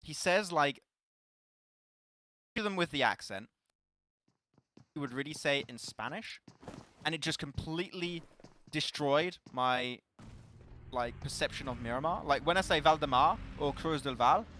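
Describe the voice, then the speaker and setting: A young Frenchman casts a live mobile esports match with a noticeably French accent. His voice is fairly high and very bright, and he is playful and quick to laugh. When the fights break out, his calls build into excited shouts. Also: a little hiss or hum. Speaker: esports caster.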